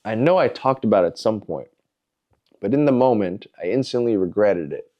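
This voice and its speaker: A man hosting a podcast, telling a personal story in a candid, introspective way, in short halting phrases. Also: lowish voice, animated, dull audio. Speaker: podcast host.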